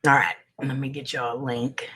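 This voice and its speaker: A man's voice: mid-range voice, little pitch movement, moderate pace, sharp tone, slightly rough. A man hosting a casual livestream. He chats with viewers, greets them by name and sniffles now and then. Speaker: livestream host.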